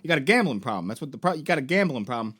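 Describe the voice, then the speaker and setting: A man's voice: medium pitch, big pitch swings, rapid-fire, fairly bright tone, slightly rough. A young man hosting a casual recap of a game series, rambling and swearing, with many fillers. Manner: rambling, profane, full of fillers. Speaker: toy and game store host.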